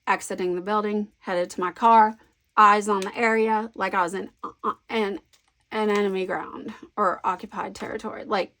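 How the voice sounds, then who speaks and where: A woman's voice: medium pitch, fairly even intonation, normal speed, fairly bright tone. A woman hosting a scrapbooking video, chatting casually and thinking aloud as she works, rambling with lots of fillers. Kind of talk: casual chat while crafting.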